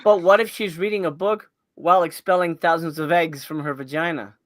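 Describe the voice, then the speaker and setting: A man's voice: on the high side, steady tone, brisk, a bit bright, no echo. A man from Miami hosting a casual podcast chat over a remote call, joking and swearing with plenty of fillers. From Miami, United States. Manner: profane, joking, filler-heavy.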